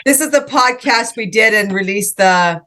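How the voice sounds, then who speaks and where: Female host, casual and appreciative, medium pitch. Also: moderate pace. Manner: warmly appreciative, guiding the talk. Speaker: podcast host. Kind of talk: casual chat.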